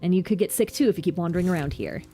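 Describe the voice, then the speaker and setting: A blunt, curious young male doctor, read by a woman in her own voice. The lines come brisk and matter-of-fact. The tone sits low and mellow. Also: soft background music, lightly acted.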